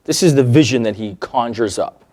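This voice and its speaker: Animated man lecturing on therapy cases. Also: mid-range voice, normal speed. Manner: animated, acts out quoted remarks, checks in with the audience. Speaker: therapist teaching a workshop. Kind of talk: lively workshop lecture told through client stories.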